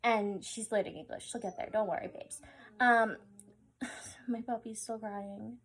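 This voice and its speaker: A rather high-voiced woman, audibly drunk, rambles through a comic history story. Her delivery is loose and slangy, studded with fillers and the odd swear. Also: steady tone, a little slow. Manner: rambling and giggly, full of "like" and "oh my God"; slangy and profane. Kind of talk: tipsy comedic history retelling.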